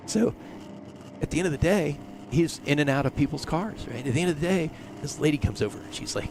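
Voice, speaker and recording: Gravelly middle-aged man telling a story. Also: a little high, animated, brisk, noisy background. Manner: rambling, full of fillers and restarts. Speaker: race team owner, interview guest. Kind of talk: casual storytelling interview.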